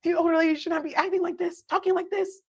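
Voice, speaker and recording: A woman's voice: extremely high pitch, fairly even intonation, fast, muffled recording. A woman hosting a live stream, delivering an indignant commentary rant with restarts and disbelieving laughter.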